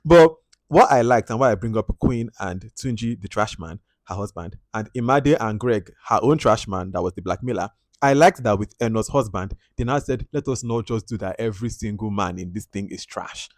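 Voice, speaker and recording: Talking at a normal speed in a lowish voice, a Nigerian English-accented man gives a relaxed movie review to camera. He animatedly performs lines and quotes, mixing in pidgin, and the studio-quality audio has no room sound.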